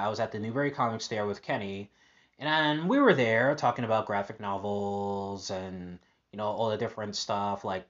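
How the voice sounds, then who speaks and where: A man's voice: on the low side, fairly bright tone, muffled recording. A man hosting a casual personal podcast monologue, upbeat and rambling with lots of fillers and restarts. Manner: upbeat, positive. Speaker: podcast host.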